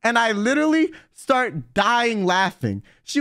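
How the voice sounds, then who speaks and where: High-voiced man with a dry, close sound, telling a lively, profane story on stream. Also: normal speed, no echo. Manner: swears freely, slangy, acts out quotes. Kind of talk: animated casual storytelling.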